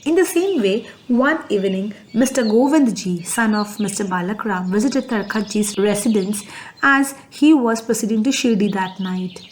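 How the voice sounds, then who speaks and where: A woman's voice: mid-range voice, moderate pace, slight background noise. A woman, reading devotional stories in an earnest, reverent manner. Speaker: devotional storyteller. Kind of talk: scripted devotional narration.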